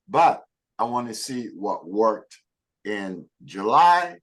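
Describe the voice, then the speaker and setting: Slow, emphatic male motivational coach. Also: lowish voice, fairly bright tone. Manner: emphatic, preacherly, addresses listeners by name. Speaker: network marketing coach. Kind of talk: motivational talk to a group.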